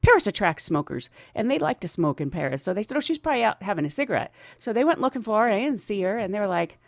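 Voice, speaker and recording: A woman's voice: medium pitch, quick pace, creaky, dry recording, clean studio sound. A middle-aged woman, a podcast host and flight attendant, telling funny travel stories casually, laughing often and acting out the people in them. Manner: animated, laughs often, acts out quoted voices. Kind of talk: casual storytelling.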